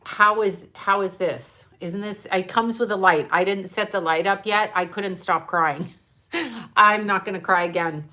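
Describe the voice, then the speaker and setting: A woman's voice: mid-range voice, unhurried, bright, forceful tone. A woman chatting casually on a live stream from home, scattered and effusive, talking straight to a camera mic. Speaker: livestream host.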